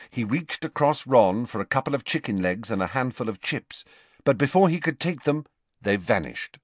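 A man reading a novel aloud as narrator, in a measured, expressive storytelling manner. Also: lowish voice, no echo. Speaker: audiobook narrator. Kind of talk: scripted narration.

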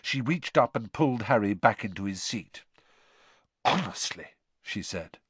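Husky man reading a story aloud. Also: fairly low pitch, normal speed, no echo. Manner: expressive reading with lively voice changes. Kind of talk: audiobook narration.

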